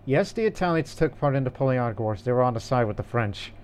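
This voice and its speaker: A man's voice: mid-range voice, animated, fast talker, a little mellow, a little hiss or hum. A man co-hosting a casual gaming podcast, rambling in an easygoing way with frequent restarts. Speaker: podcast co-host.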